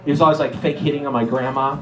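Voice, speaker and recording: Self-deprecating stand-up comic, echoey room. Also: male voice, medium pitch, steady tone, rapid-fire. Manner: self-deprecating, conversational storytelling. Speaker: stand-up comedian. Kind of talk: stand-up routine.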